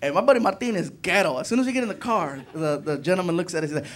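Male stand-up, high voice, chatty and animated, noisy live recording. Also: racing, hardly any pauses. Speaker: stand-up comedian. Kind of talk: stand-up storytelling.

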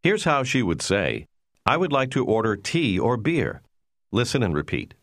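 A man narrating a language course in a scripted, instructional way, giving clear, measured prompts. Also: medium pitch, wildly swooping pitch, no echo, studio quality.

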